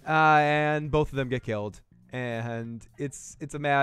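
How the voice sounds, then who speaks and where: A man's voice: mid-range voice, fairly even intonation, measured pace, a bit bright, clean tone, dry recording, faint music behind. A man with a Boston accent hosting a casual TV recap show, rambling, joking and swearing freely. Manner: profane, rambling, jokey riffing. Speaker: podcast host recapping a TV episode. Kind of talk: casual review chat.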